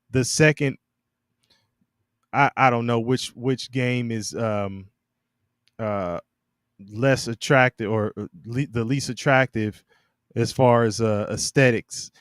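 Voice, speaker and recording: Male sports podcast co-host: halting, restart-heavy delivery, laughs often, dry close mic. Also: mid-range voice, smooth, no echo. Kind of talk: casual sports chat.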